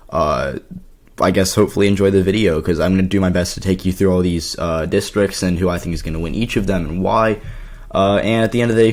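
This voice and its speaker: A man with a slightly hoarse voice, talking casually through an election map with lots of fillers and restarts. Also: sits low. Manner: rambling, filler-heavy, self-correcting. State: slightly hoarse from yelling at a party. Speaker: political commentary YouTuber. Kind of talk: casual explainer commentary.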